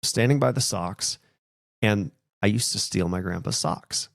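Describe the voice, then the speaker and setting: A man's voice: on the low side, unhurried, gravelly, no echo, studio quality. A man hosting a podcast, telling a personal story in a casual, reflective way that turns emotional. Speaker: podcast host.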